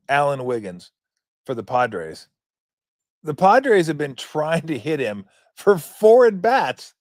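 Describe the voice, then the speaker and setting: A man's voice: fairly high pitch, no room sound, studio quality. A man in his fifties hosting a sports talk show, commenting in a rambling, joking, profane way. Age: 50s.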